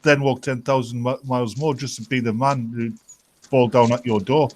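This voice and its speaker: A man in casual stream chat, talking in halting starts with many restarts. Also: mid-range voice, steady tone, darkish tone, a little hiss or hum.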